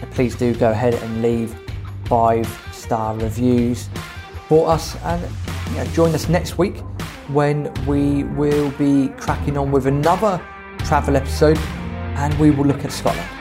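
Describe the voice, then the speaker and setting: A man's voice: mid-range voice, flat delivery, unhurried, over music. A male podcast host in casual chat, telling travel stories with a mid-range voice. He rambles through his anecdotes, often restarting and filling gaps with "you know.".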